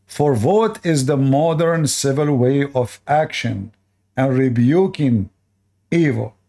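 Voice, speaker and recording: A man's voice: medium pitch, lively intonation, takes it slowly, warm tone. A man giving indignant, preachy reaction commentary in non-native English, asking his audience rhetorical questions. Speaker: online religious commentator.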